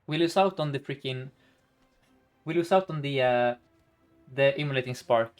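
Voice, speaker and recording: A man's voice: mid-range voice, normal speed, faint music behind. A man streaming a game live, thinking aloud about each move in a chatty way and laughing often.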